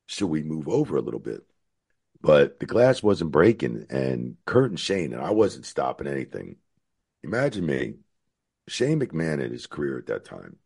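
A middle-aged man from the United States, a former referee, telling stories animatedly and acting out shouted quotes. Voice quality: very deep gravelly voice. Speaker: former wrestling referee, guest. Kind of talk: storytelling interview answer.

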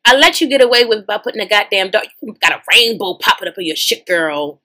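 A woman hosting a podcast, giving sassy, profane, animated reaction commentary in as she scrolls social media. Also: medium pitch, normal speed, few pauses.

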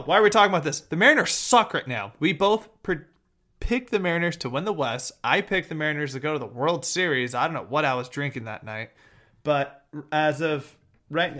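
A man's voice: a little high, pushed and bright. A young man co-hosting a podcast, chatting casually about sports in rambling bursts. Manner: rambling, quick bursts of talk. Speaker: podcast co-host.

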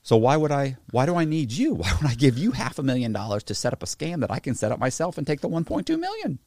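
Animated man telling a story. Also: medium pitch, fast talker, no room sound. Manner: animated, profane, acts out both sides of a conversation. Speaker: podcast host telling a story. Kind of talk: casual storytelling.

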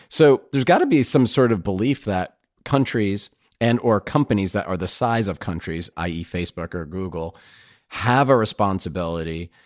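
Earnest deep-voiced male host. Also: dry recording, clean studio sound. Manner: earnest, emphatic, rambling with restarts. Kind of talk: casual conversation.

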